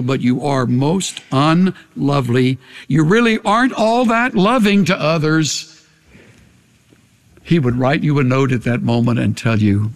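Older male pastor, earnest sermon, hushed to raised, long hall reverb. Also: medium pitch.

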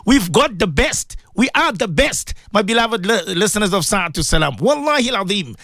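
A man preaching a sermon to radio listeners, rhetorical and animated, acting out the voices he quotes. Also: sits high, moderate pace, dry recording, studio quality.

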